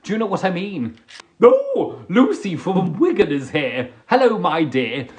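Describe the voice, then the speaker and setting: A man chats on his live stream, repeating and restarting words as he goes. His voice is lively, with big swings in pitch, and he takes an unhurried pace. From England. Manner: chatty, stammering restarts, giggly. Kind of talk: casual chat.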